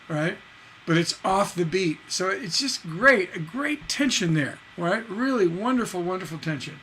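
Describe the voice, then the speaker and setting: A man's voice: high voice, normal speed, fairly bright tone, slight background noise. A man teaching a live-streamed songwriting lesson, casually explaining lyric stresses, singing and humming lines and tapping out da-da rhythms to show them. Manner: explains casually, checks in with "right?" and answers chat. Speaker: songwriting instructor.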